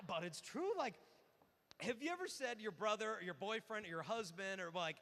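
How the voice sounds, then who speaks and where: A man in his thirties giving an animated talk at a youth conference, telling stories and acting out quick exchanges with lots of fillers. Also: high voice, creaky. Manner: storytelling with acted-out voices and many fillers. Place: large hall. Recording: hall reverb.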